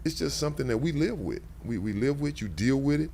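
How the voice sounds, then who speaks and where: A man's voice: mid-range voice, animated, a little fast, vocal fry, mellow, slight background noise. A man in his sixties, a former football player, telling stories in a casual interview with lots of restarts and repeated words.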